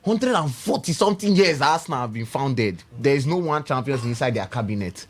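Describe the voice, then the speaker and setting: A man's voice: mid-range voice, brisk. A man with a Nigerian accent bantering on a radio sports show, teasing and slipping into Pidgin. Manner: animated, teasing, mixes Pidgin into his English. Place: radio studio.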